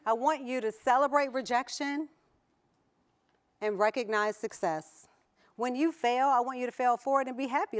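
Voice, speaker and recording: A woman's voice: a little high, smooth. A woman with a Southern US accent giving a motivational conference talk to an audience, playful, laughing often and putting questions to the crowd. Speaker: conference keynote speaker. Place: conference hall before an audience.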